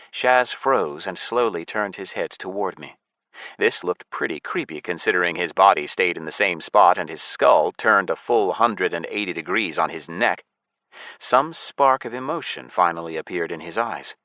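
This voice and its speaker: A man narrating a science fiction audiobook in the first person with a steady, even delivery. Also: sits low, moderate pace, no room sound.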